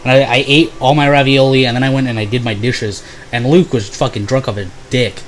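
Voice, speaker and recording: A man's voice: medium pitch, fairly even intonation, fairly quick, slight background noise. A young man telling a rambling, profane storytime full of "like" and fillers. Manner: bursts into loud exaggerated impressions. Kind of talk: casual storytime.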